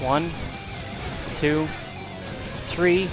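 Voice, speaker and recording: Slow-talking, jittery gameplay commentator. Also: medium pitch, animated, over music. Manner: jittery, panicky reactions with nervous laughs; counts attack timings aloud. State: catching their breath. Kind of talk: live gaming commentary.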